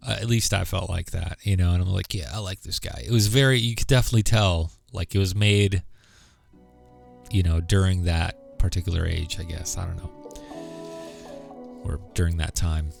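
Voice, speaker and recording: A man with a deep voice and a gravelly fry talks loosely to his stream audience as he plays. He wanders through half-finished thoughts full of ums and likes, and he mutters under his breath between them. Soft music plays underneath. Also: moderate pace. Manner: rambling, filler-heavy, muttering asides while playing. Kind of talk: casual gaming livestream chat.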